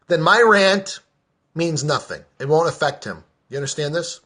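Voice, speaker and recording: Speaking to his audience on camera, this podcaster unleashes an angry political tirade at a moderate pace with lively intonation. His voice is high and forceful and keeps cracking into shouts, and his language is blunt, profane, and relentlessly pointed.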